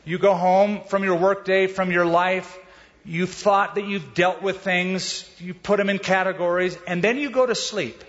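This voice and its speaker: A middle-aged male pastor giving a sermon, telling stories in a conversational way and speeding up and slowing down as he goes. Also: high-pitched, fairly bright tone. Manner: conversational storytelling, varies pace. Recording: dull sound with long hall reverb.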